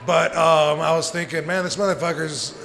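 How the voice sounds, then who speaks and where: This guest on a live podcast show, a man in his forties, has a fairly high, slightly bright voice with vocal fry and a moderate pace. His stories wander, he swears, and he laughs frequently. Long reverb and faint noise fill the live room.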